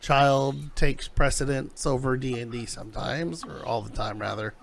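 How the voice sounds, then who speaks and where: A man narrating a tabletop game as game master from his home office, halting and full of fillers. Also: mid-range voice, steady tone, gravelly, a little hiss or hum.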